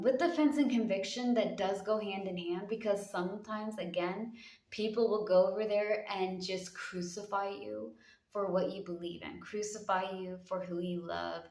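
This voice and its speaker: A woman's voice: mid-range voice, lively intonation, measured pace. A woman giving a casual tarot reading in a sassy, slangy way, calling her listeners honey. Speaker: tarot reader. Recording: echoey room.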